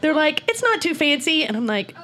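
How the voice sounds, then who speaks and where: A woman's voice: sits high, very animated, brisk, sharp tone. A woman co-hosting a comedy podcast, telling a story playfully with laughs and the odd whoop. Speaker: podcast co-host. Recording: clear background noise.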